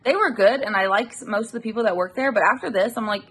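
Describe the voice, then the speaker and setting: A woman's voice: mid-range voice, quick pace, a bit bright, breathy edge. A woman vlogging from inside her car on a handheld phone, chatting casually and venting her irritation, swearing freely. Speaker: delivery-driver vlogger. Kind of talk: casual chat to camera. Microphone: handheld phone camera.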